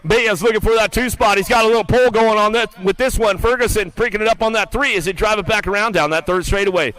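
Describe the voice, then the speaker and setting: A high, bright man's voice calling race action in rapid play-by-play. His tone is clear and crisp, and he rattles off riders' names and positions as they jostle for the lead, then settles lower and softer to read back the finishing order. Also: poor audio. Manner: drops lower and quieter when reading results and lineups. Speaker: race announcer. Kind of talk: live BMX race commentary.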